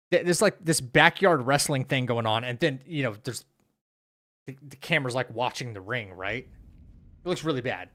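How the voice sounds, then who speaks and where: A young man with a slightly high voice chats casually while he plays a game on stream. He drifts between rambling stories told with frequent laughs and low muttering aimed at the game. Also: a bit bright. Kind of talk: casual live-stream chat.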